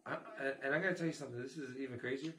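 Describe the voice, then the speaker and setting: Loud, bright-voiced Canadian man. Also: medium pitch, rapid-fire, echoey room. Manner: loud, swearing, storytelling with put-on voices. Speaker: podcast host, comedian. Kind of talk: casual podcast chat.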